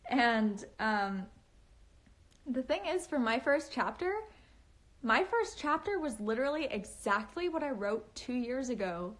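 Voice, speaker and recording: A young woman chatting casually on a phone live stream, giggling often and speaking in a valley-girl lilt full of fillers. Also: a little high. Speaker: livestreaming author.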